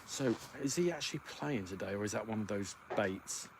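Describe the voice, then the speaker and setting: A man's voice: lowish voice, animated, moderate pace, vocal fry, noisy background. A podcast host chatting on his own in a casual livestream at home, rambling and thinking aloud with plenty of ums. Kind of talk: casual solo livestream chat.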